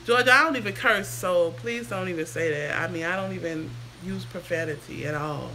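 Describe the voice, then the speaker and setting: A chatty woman talks casually on a home livestream, sounding sick and a bit hoarse. Her voice is bright and clear. A faint hiss sits under the recording. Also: on the low side, moderate pace. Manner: chatty, sidetracked, answers comments aloud. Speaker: hair vlogger on a livestream. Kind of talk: casual livestream chat reading viewer comments.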